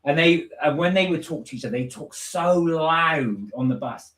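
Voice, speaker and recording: A man's voice: a little high, lively intonation, moderate pace, fairly bright tone. A man from Somerset co-hosting a live stream, chatting casually, reading out viewer comments and telling stories. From Somerset, England. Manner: chatty storyteller who mimics other people's voices. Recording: echoey room.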